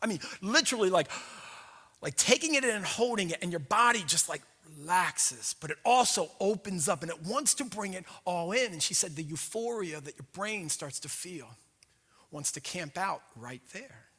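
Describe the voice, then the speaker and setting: A pastor delivers his sermon in a high, very bright voice, chatting with the congregation and slipping into little acted-out inner voices. His words ring out with the long reverb of a church hall. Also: moderate pace, husky. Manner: animated, conversational, acts out inner voices. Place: church sanctuary.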